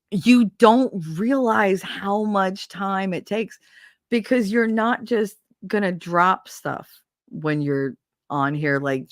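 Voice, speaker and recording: A woman with a New Jersey accent who chats in a loose, rambling way and laughs often. Her voice sits at a middle pitch. The recording is dry and close. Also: dry recording. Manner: rambling, laughing, swearing, self-mocking. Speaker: streamer. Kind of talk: casual solo chat.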